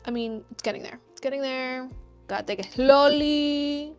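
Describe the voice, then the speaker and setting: A woman's voice: sits high, normal speed, smooth, soft background music. A woman hosting a craft livestream, chatting upbeat with her viewers and laughing often while she works. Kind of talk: casual chat with live chat while crafting.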